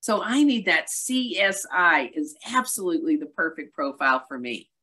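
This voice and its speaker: Brisk, emphatic woman coaching on a webinar. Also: fairly low pitch, animated, sharp tone. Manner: brisk, emphatic, self-deprecating coaching talk. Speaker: real estate coach. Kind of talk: webinar presentation.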